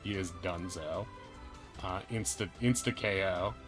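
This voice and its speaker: A man's voice: low voice, a little slow, faint music behind. A man running a tabletop game as game master, chatty and playful, narrating with casual fillers.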